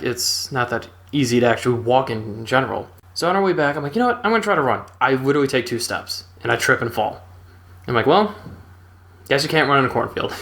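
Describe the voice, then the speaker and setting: A man's voice: mid-range voice, a bit bright. A young man casually retelling a funny personal story in a laid-back, rambling way, chuckling now and then.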